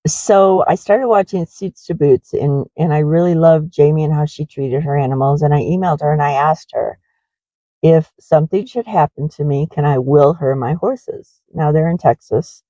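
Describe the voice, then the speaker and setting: A woman's voice: sits low, moderate pace, warm tone, no room sound, low-quality recording. A middle-aged woman who runs a horse ranch, rambling in a confessional way with many fillers in a casual walking vlog.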